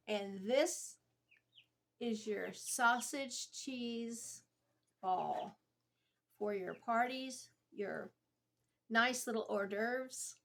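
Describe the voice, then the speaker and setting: A woman's voice: on the high side, fairly bright tone. A woman chatting casually in her home kitchen as she bakes and tastes a recipe for her vlog, homey and talkative. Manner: homey and chatty, talks while chewing. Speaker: homestead cooking vlogger. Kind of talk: casual cooking chat.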